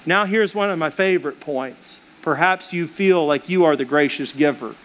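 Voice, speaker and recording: A man with a notably high-pitched voice delivers a sermon as pastor. He talks straight to the congregation, earnest and emphatic, and stacks repeated phrases to press each point home. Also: moderate pace, fairly bright tone. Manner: earnest, emphatic, addresses listeners directly; drives points home by repetition.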